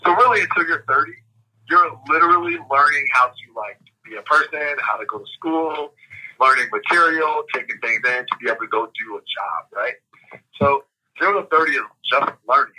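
Podcast guest, male, raspy and bright, easygoing motivational coach. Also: mid-range voice, brisk, rough recording. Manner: reflective, coaching tone with frequent "like" and "right?". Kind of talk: motivational interview talk.

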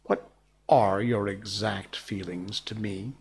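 A man's voice: on the low side, fairly even intonation, takes it slowly, a little hiss or hum. A man doing prim motherly girl Wendy. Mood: wistful. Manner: prim, wistful, soft.

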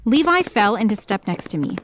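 A woman's voice: mid-range voice, big pitch swings, a little fast, slight background noise. Woman narrating a dramatic first-person story.

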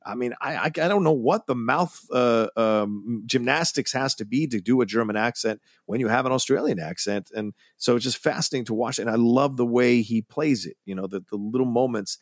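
A man's voice: medium pitch, brisk, hardly any pauses, no echo, studio quality. A man co-hosting a casual film podcast, talking in an enthusiastic, rambling way with the odd curse. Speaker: podcast co-host.

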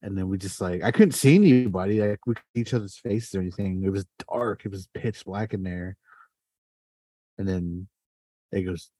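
A man's voice: fairly low pitch, a little fast, no echo. A man hosting a podcast, telling a story casually with lots of fillers and swearing. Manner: animated, swears often, heavy fillers. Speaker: podcast host.

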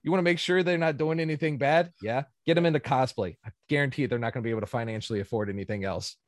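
A man co-hosting a casual podcast chat, animated and joking, laughing often. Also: mid-range voice, racing, no echo, studio quality. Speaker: podcast co-host.

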